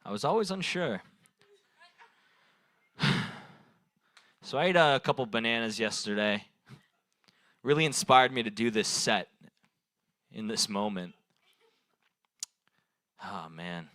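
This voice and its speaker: A man's voice: lowish voice, expressive, slow, long pauses, a bit bright, no room sound. A young man doing rambling improvised stand-up at an open mic, taking audience suggestions and laughing at his own jokes. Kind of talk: improvised stand-up crowd work. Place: bar stage at an open mic night.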